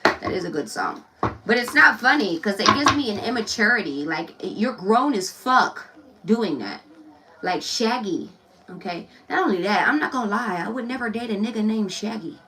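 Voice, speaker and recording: A woman's voice: mid-range voice, expressive, normal speed, bright, forceful tone, far from the mic, low-quality recording. A woman gives a casual tarot reading in a loose, blunt, chatty way, cursing freely and laughing often. Her voice sits a little back from the mic, with a faint hiss of noise underneath. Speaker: tarot reader.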